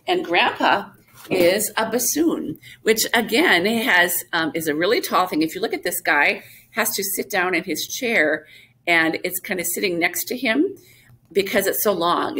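A woman music teacher explaining things gently and simply to young children, with many fillers. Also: fairly low pitch, husky. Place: school classroom.

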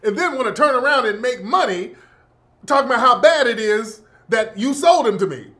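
A man acting out an indignant slave buyer, loud, profane and outraged. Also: very high voice, lively intonation, normal speed, full character voice.

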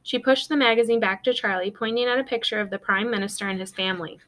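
A woman teacher reading a children's novel aloud to her students in a steady storytelling voice. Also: on the high side, fast talker.

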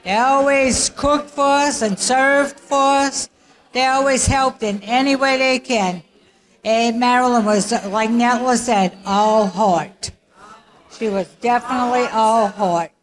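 A woman, a niece, sharing memories at a family memorial in a slow, halting way with many fillers. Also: on the high side. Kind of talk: casual memorial speech.

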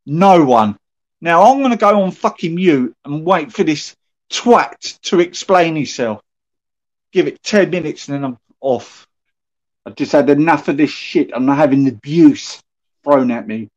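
A man livestreaming an angry, swearing rant at his critics, confrontational and aggrieved. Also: sits high. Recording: dull lo-fi stream audio.

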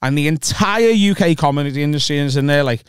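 A man, telling a lively anecdote on a podcast and acting out voices as he goes. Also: a little high, fairly quick, clear, resonant tone, no room sound, clean studio sound. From England. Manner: animated, acts out voices in anecdotes, swears freely. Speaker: comedian podcast host. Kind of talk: casual storytelling chat.

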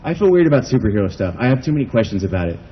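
A man's voice: medium pitch, sing-song, racing, muffled recording. A man from the United States doing a stand-up comedy set at an outdoor backyard show, rambling and self-deprecating, saying "like" a lot.

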